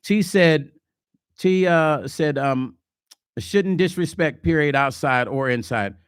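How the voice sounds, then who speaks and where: Man, casual livestream host, chatty and animated, slightly high voice, dry close-mic sound. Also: takes it slowly, clean tone, no echo. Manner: chatty, animated, slips into mock quotes. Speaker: vlog host. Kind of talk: casual livestream chat reading comments.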